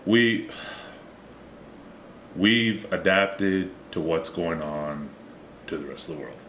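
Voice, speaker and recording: Low-pitched but fairly bright, this middle-aged man from Texas speaks slowly in a Texan accent while co-hosting a podcast. The chat is relaxed and full of profanity, recorded in an echoey room with some faint noise.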